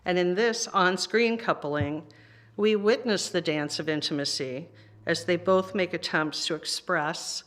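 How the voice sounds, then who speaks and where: A minister delivers a sermon in a warm-toned, conversational manner, speaking at a middle pitch. The delivery stays personal and direct. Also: measured pace.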